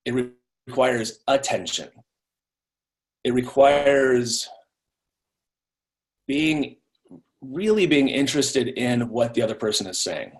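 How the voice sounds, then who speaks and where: A man's voice: mid-range voice, animated, slow, long pauses. Man teaching over a video call. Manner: conversational, repeats words when restarting. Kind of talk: live online training talk.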